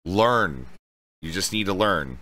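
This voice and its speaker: A man's voice: low-pitched, lively intonation, slow pace, bright, forceful tone, dry recording. A man streaming live, chatting casually to his viewers with loose, profane commentary. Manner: loose, profane, addresses chat directly.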